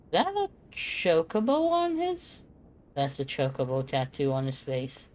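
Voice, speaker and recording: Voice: mid-range voice, wildly swooping pitch, a little slow, a little mellow, slight background noise. A streamer giving casual gameplay commentary, chatty and full of joking asides.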